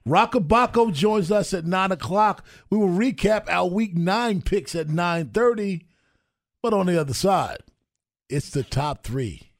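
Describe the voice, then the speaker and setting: A man's voice: sits high, expressive, measured pace. A man co-hosting a morning sports radio show, giving wry reactions and reading station promos. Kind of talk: casual morning radio banter.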